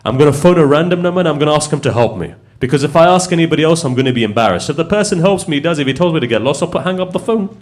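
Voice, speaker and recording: A man preaching acts out a proud, bankrupt male merchant who pleads loudly in a high, strained voice. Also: expressive, a little fast, close to an everyday voice. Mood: pleading. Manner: pleading, rising high and loud.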